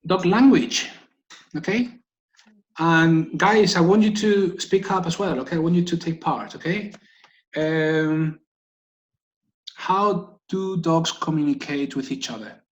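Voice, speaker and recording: A man's voice: a little high, expressive, slow pace, pauses often, dull audio. A man leading an online meeting for guide dog volunteers, talking casually and checking in with the group after almost every point. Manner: chatty, keeps checking in with "okay?". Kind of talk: casual instructive talk on a video call. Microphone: video call.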